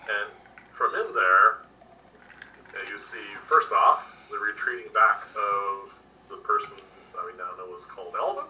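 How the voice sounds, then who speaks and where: A man's voice: on the low side, expressive, a little slow, bright, forceful tone. A man narrating as game master, describing scenes in an easygoing way with lots of fillers. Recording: distant mic with faint noise.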